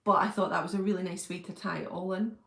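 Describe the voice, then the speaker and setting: A middle-aged woman hosts a relaxed livestream, answering viewers' comments in a gushing, chatty way. Her voice carries a gravelly fry, and it rings around an echoey room. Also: on the low side, fast. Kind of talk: casual chat.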